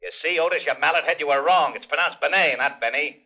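An actor playing a gruff, brusque police lieutenant who sounds fed up, in 1940s radio acting from a muffled old broadcast. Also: male voice, fairly high pitch, fast talker.

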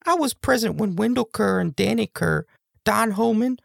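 Guy doing a squeaky falsetto lady reading her statement, kinda gravelly underneath. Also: moderate pace, fairly bright tone, dry recording, clean studio sound, heavily acted. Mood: earnest. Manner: self-conscious high girly falsetto. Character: woman giving a sworn statement, high falsetto.

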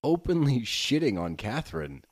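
A man's voice: sing-song, moderate pace, gravelly. A man co-hosting a podcast, reacting bluntly with lots of swearing. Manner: blunt, swears a lot, jumps up in pitch when reacting. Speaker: podcast co-host. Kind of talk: casual chat recapping reality TV.

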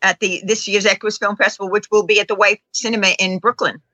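A woman speaking as a guest on a radio talk show, upbeat and eager to promote her event. Her voice is bright and forward. The sound is dry, with little room around it. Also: mid-range voice, little pitch movement, fast talker, slightly rough, no echo, highs cut off. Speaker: film festival director, radio guest. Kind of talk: radio interview.

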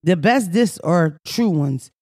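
A woman from Philadelphia with a Philly accent, hosting a podcast in brash, profane, animated casual chat. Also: fairly low pitch, takes it slowly, no room sound, clean studio sound. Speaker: podcast host.

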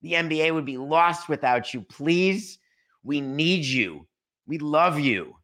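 A man doing a smooth, placating commissioner. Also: on the high side, expressive, takes it slowly, fairly bright tone, pitched above the performer's own voice. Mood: pleading.

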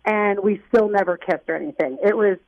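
A woman's voice: mid-range voice, brisk, no room sound, highs cut off. A young woman calling in to a radio advice show, flustered and rambling, saying "like" a lot. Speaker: caller. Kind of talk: call-in radio chat.

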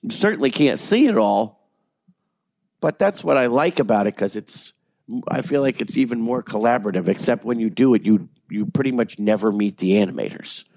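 A man who works as a voice actor, telling animated, self-deprecating stories in a casual interview and swearing freely. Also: mid-range voice, moderate pace, vocal fry, no room sound. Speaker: voice actor guest.

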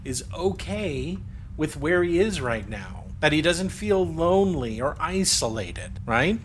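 A man's voice: fairly high pitch, lively intonation, measured pace, a little hiss or hum. A man improvising a stern, exasperated officer lecturing a subordinate in a comedy podcast. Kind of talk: improvised sci-fi comedy role-play.

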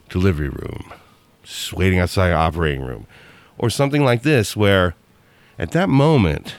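Low-voiced man telling a story casually. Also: darkish tone, no room sound. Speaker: podcast co-host.

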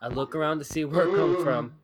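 A man's voice: a little high, fast talker. Crude rambling man on a podcast. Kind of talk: comedic banter.

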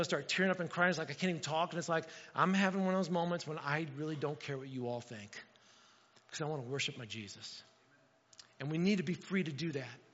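High-voiced man preaching in a reverberant hall. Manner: animated, acts out quotes, talks straight to the congregation. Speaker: pastor. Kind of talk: sermon. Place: church sanctuary. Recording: dull sound with long hall reverb.

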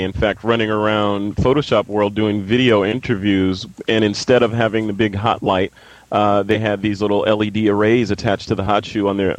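A man co-hosting a podcast in casual chat, lively and teasing. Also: fairly low pitch, poor audio. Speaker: podcast co-host.

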